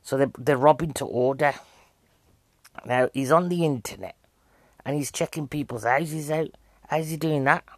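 A man's voice: on the high side, normal speed, pauses often, dry recording. Chatty man reviewing a film. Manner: chatty, jokey and rambling. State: a bit out of breath. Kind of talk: casual spoken film review.

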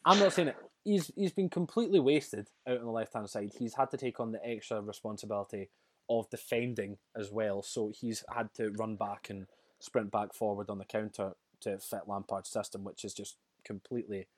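A man with a fairly low voice co-hosts a casual football discussion. He talks chattily, restarting sentences and laughing now and then. The sound is dry and close. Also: moderate pace, darkish tone, dry recording. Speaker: podcast co-host.

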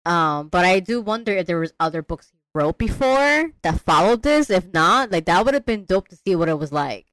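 A young woman co-hosting a casual movie chat, animated and profane, acting out characters as she quotes them. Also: fairly low pitch, normal speed, no echo. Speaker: podcast co-host.

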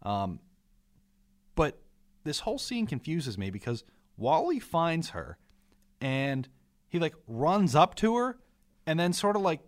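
A podcast co-host muses wryly about a film, often hesitating and stammering before acting out lines from it. The voice sits at a middle pitch, and the intonation swings widely. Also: sing-song, slow pace, long pauses. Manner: wry, hesitant, stammers and acts out quoted lines. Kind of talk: casual film discussion.

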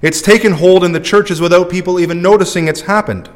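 A man's voice: high voice, fairly even intonation, a little fast, long reverb tail. A male priest preaching a sermon in a conversational, self-deprecating way, recorded in a church.

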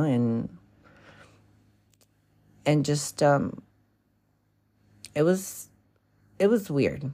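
A man's voice: mid-range voice, big pitch swings, very slow, pauses often, darkish tone. A man in his twenties from California, hosting a podcast and telling a personal story in a frank, profane, rambling way full of fillers. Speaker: podcast host. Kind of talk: casual confessional storytelling.

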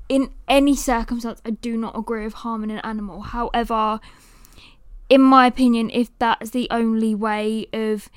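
A woman hosting a podcast, telling a story in a lively, animated way and sometimes cooing at her dog. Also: a little high, smooth, dry recording, clean studio sound. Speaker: podcast host.

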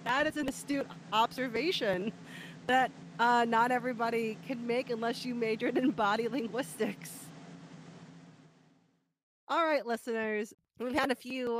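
A woman hosting a mock true-crime podcast, chatty, with stumbling phrasing and frequent giggles. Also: a little high. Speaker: host.

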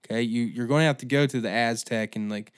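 A man's voice: medium pitch, fast talker, clear, resonant tone. A young man hosting a comedy podcast, ranting in an exasperated, profane way. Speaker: podcast host. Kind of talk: comedic solo rant.

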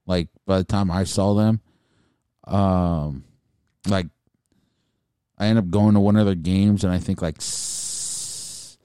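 Deep, mellow-voiced man, casual rambling. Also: steady tone, slow, long pauses, clean tone, dry recording, studio quality. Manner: rambling, swears freely, many restarts. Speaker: podcast co-host. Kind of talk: casual chat.

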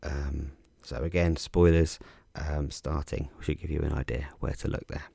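A man casually explaining crossword clues as a podcast host, relaxed and chatty with frequent ums and restarts. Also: rumbling low, a little slow, creaky, husky, no echo, studio quality.

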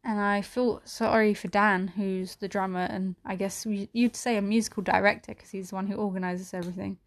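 A woman's voice: mid-range voice, fairly even intonation, brisk. Young woman rambling through a candid podcast. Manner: rambling, many "like" fillers and swearing; emotional, voice near tears at times. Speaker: podcast host. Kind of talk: candid solo podcast monologue.

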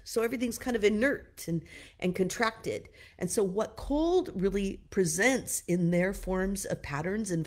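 A woman giving a casual teaching talk, loose and chatty, full of "you know" and "like", giving gentle direct advice to her listeners. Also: mid-range voice. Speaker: wellness teacher.

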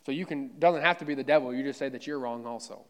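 In a church, a pastor preaches a fervent, conversational sermon, repeating himself and speaking directly to his listeners. His voice is medium in pitch, and he talks fast.

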